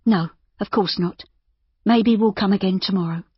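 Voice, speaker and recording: A woman narrator voicing Judy, an anxious, caring young woman who coaxes and pleads gently. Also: mid-range voice, normal speed, husky, no echo, highs cut off, voice pushed up. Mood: coaxing.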